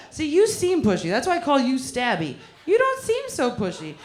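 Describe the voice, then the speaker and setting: A woman's voice: sits high, huge pitch swings, measured pace. A woman doing live stand-up, crude and teasing as she banters with the front row. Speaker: stand-up comedian. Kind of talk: live stand-up with crowd work. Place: comedy club stage. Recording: echoey club room.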